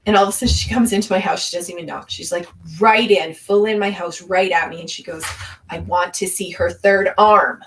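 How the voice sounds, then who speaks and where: A middle-aged woman telling an animated story in a casual panel chat as co-host. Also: on the low side, fairly quick, recorded from a distance, rough recording.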